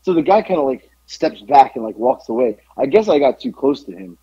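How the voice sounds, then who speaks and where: Man, podcast co-host, casual rambling storyteller, husky, dry close sound. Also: mid-range voice, big pitch swings, a little fast, dark tone, no echo, lo-fi sound. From south side of Atlanta. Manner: rambling, lots of "like", swearing.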